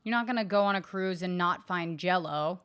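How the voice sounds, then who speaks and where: A woman co-hosting a podcast in a studio, chatting casually and ribbing her co-host with deadpan teasing. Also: lowish voice, moderate pace, clean tone. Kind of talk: casual comedic chat.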